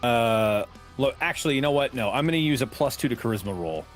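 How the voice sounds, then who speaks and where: A man's voice: medium pitch, expressive, fairly quick, soft background music. A man playing a tabletop game over a voice call, hesitant and humming while he works out his moves. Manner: hesitant, hums while thinking. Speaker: player. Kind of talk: casual tabletop game play.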